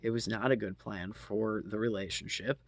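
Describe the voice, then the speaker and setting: A man's voice: on the low side, fairly even intonation, normal speed, dry recording. A man telling a personal story casually, rambling with lots of fillers and frequent swearing. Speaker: storytelling vlogger.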